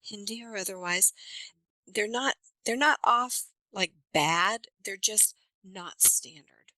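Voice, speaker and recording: A woman accent coach, speaking as a podcast guest and explaining things with lively examples. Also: medium pitch, slow pace, no echo, poor audio. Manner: animated storyteller, explains with examples. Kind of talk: podcast interview.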